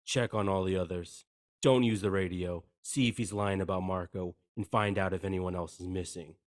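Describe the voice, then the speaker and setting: A man's voice: low voice, fairly even intonation, normal speed, no room sound, studio quality, pitched below the performer's own voice, natural voice. A man reading a cold, scheming male terrorist leader from a script, stumbling over some words. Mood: cool, mocking.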